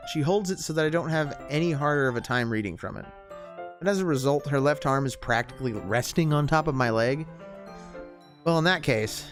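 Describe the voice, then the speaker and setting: Guy reading a visual novel out loud, rambly and joking, mic right next to him in the living room. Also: mid-range voice. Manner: casual, joking, rambling asides. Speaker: gameplay video host. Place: living room, sitting in a recliner.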